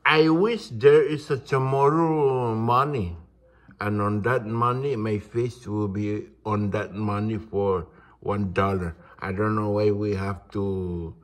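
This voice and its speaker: A man, ranting in a halting, indignant monologue. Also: lowish voice, steady tone. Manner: indignant, halting, restarts words. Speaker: vlogger.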